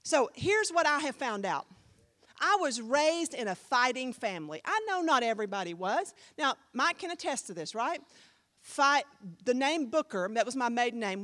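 Lively high-voiced woman pastor preaching. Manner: emphatic, conversational preaching with sudden jumps in volume. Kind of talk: sermon teaching.

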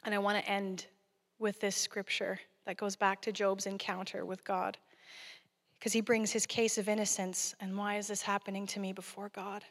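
A woman's voice: medium pitch, little pitch movement, moderate pace. A woman preaching a guest sermon in an earnest, conversational way. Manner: earnest, conversational, laughing at times. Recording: long hall reverb.

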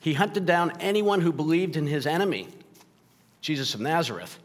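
A man's voice: a little high, normal speed. Man preaching in an echoing church. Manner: emotional, gets choked up and laughs; conversational preaching with frequent "right?". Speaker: pastor. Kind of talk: sermon. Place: church sanctuary. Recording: long hall reverb.

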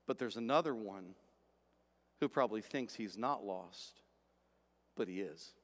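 A male pastor preaching a sermon, swinging from loud emphatic passages to quiet, low stretches. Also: big-room sound.

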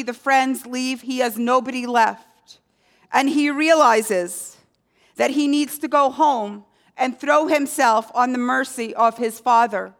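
A woman with a high voice delivers a sermon at an unhurried pace. She tells the story patiently and lets her important words sink low and soft. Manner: slow, storytelling delivery, dropping low and quiet on key words. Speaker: preacher.

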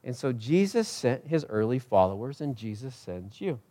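A pastor delivering a sermon, rising to loud emphatic peaks and dropping to quiet, personal asides, talking conversationally and asking the congregation questions. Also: male voice, sing-song, moderate pace. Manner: swings from loud preaching peaks to quiet intimate lows; conversational, self-correcting, asks the crowd.

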